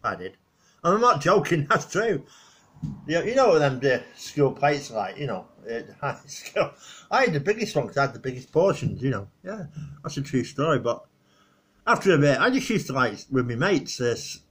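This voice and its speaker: A middle-aged man with a husky, slightly rough voice. He talks to his own channel in a loose, rambling way, filling gaps with "you know" and "uh". His pitch sits in an ordinary middle range, and he chuckles at his own tales. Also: sing-song, normal speed, fairly bright tone. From northwest England. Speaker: vlogger. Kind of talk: casual rambling reminiscence.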